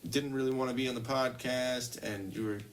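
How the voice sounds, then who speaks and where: A man's voice: medium pitch, steady tone, a little fast, slight background noise. A young man co-hosting a casual podcast, rambling with lots of fillers and swearing freely. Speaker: podcast co-host. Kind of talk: casual chat.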